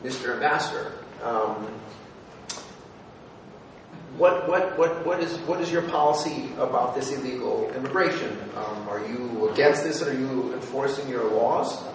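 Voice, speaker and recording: Former news producer recounting stories, lively but full of restarts, distant mic, noisy echoing room. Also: male voice, mid-range voice. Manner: animated storytelling, halting with fillers and restarts. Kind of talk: anecdotal talk to an audience. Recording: echoey hall, voice from far off with noise.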